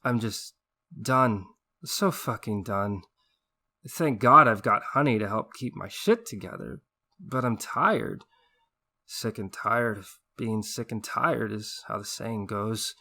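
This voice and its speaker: A man voicing a worn-out, weary man who talks bluntly in a flat tone. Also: lowish voice, slow pace, exaggerated voice.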